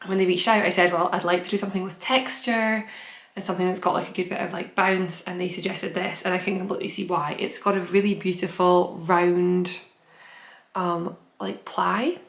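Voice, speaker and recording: Chatty woman with a gravelly voice. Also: mid-range voice. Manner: rambling, self-interrupting, candid. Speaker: knitting podcast host. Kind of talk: casual chat to camera. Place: home room in fading daylight. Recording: echoey room.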